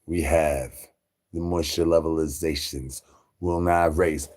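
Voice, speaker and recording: A man's voice: low voice, unhurried, fairly bright tone. A man delivering absurd comedy, rambling through nonsense with rhyming wordplay and stutters. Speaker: comedy channel creator.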